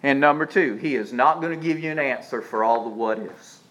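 A male pastor preaching a sermon, with dramatic swings between soft asides and shouted emphasis, sometimes drawing words out slowly. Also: medium pitch, rough recording.

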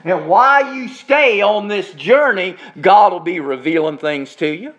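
A man preaching a sermon as pastor, stretching out key phrases slowly for emphasis. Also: sits high, animated, fairly bright tone, highs cut off. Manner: preaching with slow, drawn-out emphasis on key words.

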